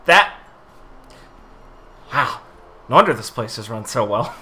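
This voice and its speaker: Guy playing his character in a tabletop game, bright voice, laughs a lot, gets flustered. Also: medium pitch, sing-song, measured pace. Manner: laughs often, flustered, casual. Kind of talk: casual in-character role-play.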